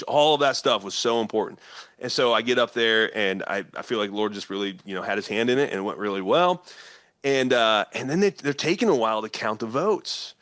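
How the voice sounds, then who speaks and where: A man's voice: fairly low pitch, fairly bright tone, no room sound. A man with a Midwestern American accent, telling a story as a guest in an interview, acting out quoted voices and laughing often. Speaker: guest, politician and former pastor. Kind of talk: animated storytelling in conversation.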